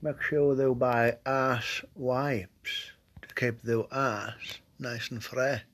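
A man's voice: mid-range voice, fairly even intonation, extremely slow, fairly bright tone, slight background noise. A man with a Cumbrian accent, who has a cold, rambling crudely as the host of a comedy podcast and often trailing off into mutters. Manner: swearing, dialect-heavy, trails off into mutters. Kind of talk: rambling crude comic monologue.

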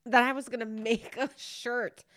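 Giggly high-pitched woman. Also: little pitch movement, measured pace. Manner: giggly, breaks into laughing tears. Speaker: podcast co-host. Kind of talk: casual chat reviewing a movie.

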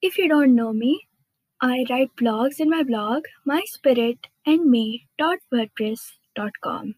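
A woman's voice: sits high, takes it slowly, a little mellow, dry recording, rough recording. A woman hosting her own podcast in a chatty, bubbly way, with frequent fillers and little laughs at herself. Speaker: podcast host. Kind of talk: casual solo podcast chat.

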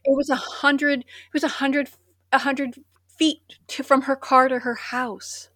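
A woman's voice: sits high, flat delivery, measured pace, fairly bright tone, no echo, clean studio sound. A young adult woman co-hosting a podcast, chatting casually and reading an old news article aloud with sarcastic asides. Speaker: podcast co-host.

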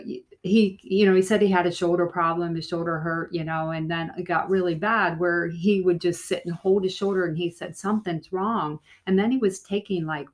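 Lower-voiced woman podcast host. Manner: relaxed, "you know" fillers. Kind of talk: casual conversational storytelling.

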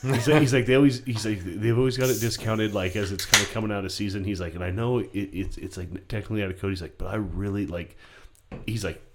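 A man's voice: on the low side, steady tone, quick pace, background noise. A man chatting casually, blunt and profane, rambling through a story. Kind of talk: casual chat.

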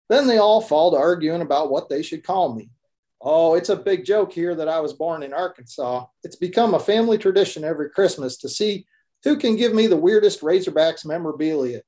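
A man's voice: fairly high pitch, darkish tone, lightly acted. A Midwestern man voicing a grumbling, joking Texan man with a Texas accent in a folksy, wry storytelling manner.

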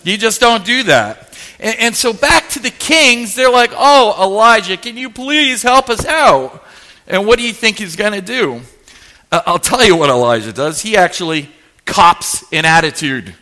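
A male pastor preaching a sermon, telling a story with jokes and animated energy. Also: high-pitched, normal speed.

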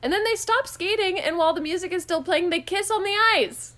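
A woman's voice: very high voice, a little fast, fairly bright tone. A woman co-hosting a podcast, recapping a movie plot in casual, wry chat full of "like" fillers. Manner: chatty, wry, lots of "like" fillers.

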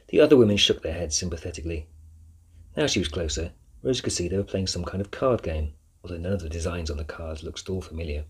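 A man narrating a children's fantasy book with a steady storytelling manner. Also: low-pitched, quick pace, husky. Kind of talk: audiobook narration.

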